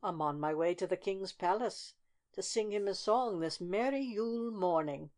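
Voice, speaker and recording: A woman voicing a small, cheerful and wary male robin who talks in a chirpy, polite way and turns down offers quickly. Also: mid-range voice, darkish tone, close to an everyday voice.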